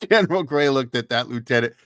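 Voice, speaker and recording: A man's voice: medium pitch, fairly bright tone, no echo, clean studio sound. A man in his fifties, a former Marine, casually telling a salty, folksy story with cussing on his livestream. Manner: folksy, salty veteran's yarn with cussing and laughs. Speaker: host.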